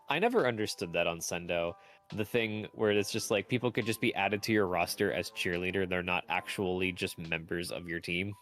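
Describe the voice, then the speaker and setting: A man's voice: lowish voice, fairly bright tone. A man doing casual esports commentary, rambling and self-deprecating, often laughing as he talks. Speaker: tournament commentator.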